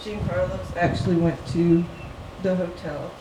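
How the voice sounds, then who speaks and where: A woman sharing a heartfelt personal memory at a memorial, speaking slowly and haltingly with fillers. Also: on the low side, little pitch movement. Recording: echoey room with background noise.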